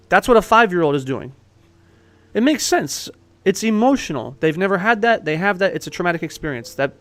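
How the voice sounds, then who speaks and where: A man's voice: high-pitched, no echo. A man talking as a life coach in a casual monologue, blunt and swearing, often laughing as he makes his points. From Italian heritage.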